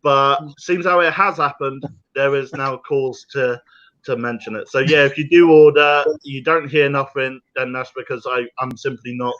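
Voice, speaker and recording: A man's voice: medium pitch, fairly even intonation, normal speed, fairly bright tone. A man chatting as a guest on a livestream, rambling and jokey and laughing often, heard over a remote call. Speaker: guest, small business owner. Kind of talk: casual chat on a livestream. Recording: dull lo-fi call audio.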